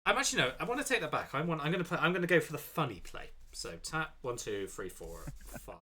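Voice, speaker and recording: A man's voice: a little high, sing-song, fast talker, bright, forceful tone. A man playing a card game with friends over a stream, chatting casually and explaining card rules at length with self-deprecating jokes.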